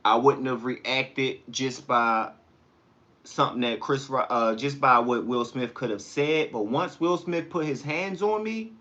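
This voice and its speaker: A man hosting a casual livestream, chatting with viewers and telling stories in a slangy, animated way. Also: medium pitch, unhurried, dull audio. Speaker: livestream host. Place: home kitchen.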